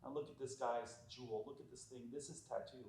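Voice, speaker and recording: With a steady, medium-pitched voice that's darkish and slightly rough, a tattoo artist swaps stories fairly quickly in a casual podcast. He curses freely, hammers his points home, and talks with his hands about craft.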